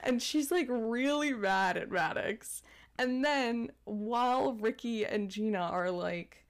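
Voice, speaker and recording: A woman's voice: a little high, slow. A woman co-hosting a podcast, chatting casually and acting out quotes with lots of "like". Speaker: podcast co-host. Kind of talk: casual recap chat.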